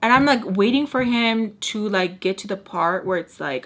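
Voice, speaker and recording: A woman's voice: mid-range voice, normal speed. Chatty young woman telling a story. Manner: chatty, animated, drops in Spanish words and fillers. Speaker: storytime vlogger. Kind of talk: casual storytelling to camera.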